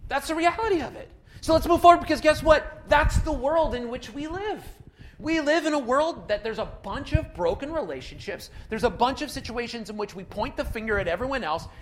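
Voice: high voice, animated, a little fast, a little hiss or hum. A pastor preaching a sermon in a conversational way, repeating key phrases for emphasis and speaking straight to the congregation.

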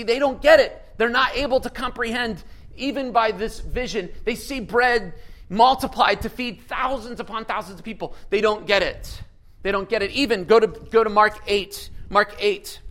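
A man with a high-pitched voice delivers a sermon with lively energy. He keeps asking his listeners questions and reads scripture aloud with dramatic emphasis. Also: poor audio. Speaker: pastor.

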